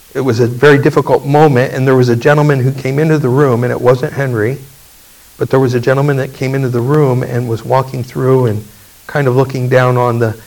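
Man, pastor, communion sermon, storytelling, hesitant fillers, mid pitch. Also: creaky, darkish tone, far from the mic, poor audio.

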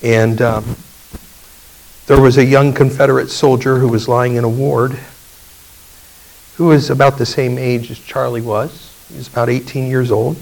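A man preaching a communion sermon, telling a story in a halting way with fillers. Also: medium pitch, fairly even intonation, gravelly, darkish tone, recorded from a distance, rough recording. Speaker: pastor.

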